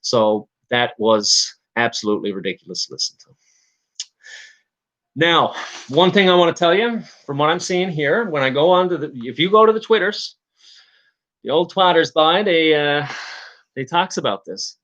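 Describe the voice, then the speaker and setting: A man's voice: a little high, animated, moderate pace, pauses often, fairly bright tone, dull audio. A man from Newfoundland with a Newfoundland accent, hosting a casual livestream, rambling with many restarts and talking to his chat. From Newfoundland, Canada. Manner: rambling, frequent restarts and fillers, talks to chat. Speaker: livestream host.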